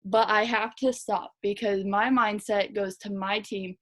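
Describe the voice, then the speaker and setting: A young woman team leader giving a fast, chatty, energetic motivational talk to her team. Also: mid-range voice. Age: young adult. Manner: fast, chatty, energetic, lots of "like" and "you guys". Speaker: direct sales team leader.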